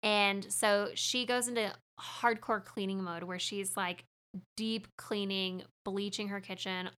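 A woman's voice: mid-range voice, steady tone, unhurried, a bit bright, clear, resonant tone. A young woman talking casually about a movie, chatty, laughing often and acting out lines.

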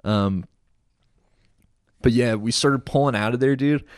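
Animated laughing man telling a war story. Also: medium pitch, a little slow, smooth, no room sound, clean studio sound. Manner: animated, laughing often, says dude a lot. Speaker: guest, former soldier. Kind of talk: casual storytelling chat.

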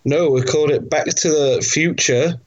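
Male podcast co-host, halting and self-deprecating, muffled lo-fi audio. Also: on the high side, fairly even intonation. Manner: hesitant, self-mocking, stumbles and laughs. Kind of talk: casual chat. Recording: dull lo-fi sound.

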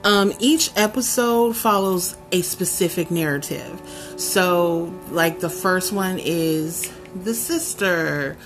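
A woman hosting a podcast, reviewing a show in a sassy, sarcastic, chatty way with lively asides. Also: on the low side, slow, over music. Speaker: podcast host.

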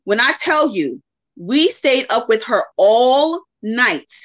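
A woman's voice: a little high, sing-song, takes it slowly, rough recording. A woman in her thirties hosting a casual live-stream chat, speaking emphatically and directly to her viewers. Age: 30s. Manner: emphatic, talks straight to viewers. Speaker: host.

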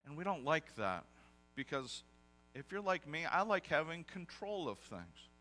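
A man's voice: fairly high pitch, very animated, measured pace, pushed and bright. A man, a pastor with young kids, preaching a conversational sermon with self-deprecating asides.

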